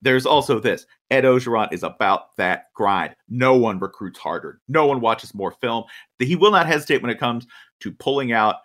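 A man's voice: medium pitch, lively intonation, moderate pace, a bit bright. Emphatic man in casual sports chat. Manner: emphatic, keeps asking "right?". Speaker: podcast co-host.

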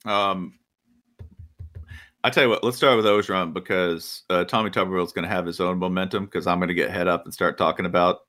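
A man's voice: deep voice, steady tone, a little fast, bright, forceful tone. A man co-hosting a podcast, talking sports in an emphatic, casual way and often tagging his points with "right?". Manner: emphatic, keeps asking "right?". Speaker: podcast co-host.

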